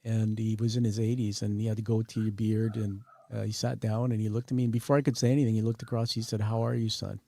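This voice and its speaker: Earnest man hosting, mellow voice. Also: fairly low pitch, level tone, quick pace, vocal fry, few pauses, no echo, studio quality. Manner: earnest, sharing a personal story. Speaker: podcast host. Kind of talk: emotional interview conversation.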